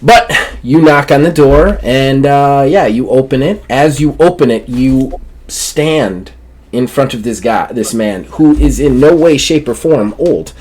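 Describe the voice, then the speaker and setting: A man's voice: medium pitch, unhurried, a little mellow, slightly rough. A man narrating a tabletop game as game master, rambling with many fillers and restarts.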